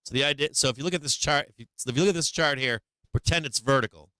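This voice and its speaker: A man's voice: medium pitch, rapid-fire, bright, forceful tone, clean tone, no room sound. Blunt man hosting a market stream. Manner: blunt, swears, many restarts. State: losing his voice. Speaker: stock market live stream host. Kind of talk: live chart commentary.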